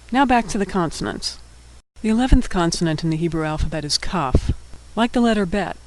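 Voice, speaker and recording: A man's voice: high-pitched, rough recording. A man teaching a Hebrew alphabet lesson, patiently sounding out words syllable by syllable.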